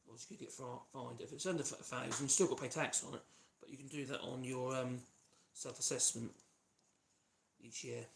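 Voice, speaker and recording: A man from Norfolk in the East of England hosts a woodworking channel's casual live demonstration from his home workshop. His medium-pitched voice is steady and a bit fast, with vocal fry, as he rambles, chats, and hums while working. The livestream is noisy, with sanding and tool sounds behind him.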